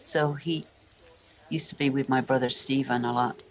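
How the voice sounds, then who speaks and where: Over poor audio, an English man vlogs about his family at a moderate pace, his voice medium-pitched and steady. The stories ramble, full of restarts and side remarks.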